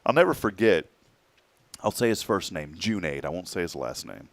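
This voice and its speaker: Brief: man, 40s, lowish voice, dry close sound, animated storyteller who slips into quoted voices. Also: moderate pace, no echo. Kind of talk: casual personal story on a talk show.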